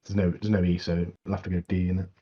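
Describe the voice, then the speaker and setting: A man's voice: low voice, level tone, fast, slightly rough. A man co-hosting a casual gaming chat, laughing often and acting out little quotes. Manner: laughs often, acts out quotes, repeats words. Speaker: co-host. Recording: dull, lo-fi mic.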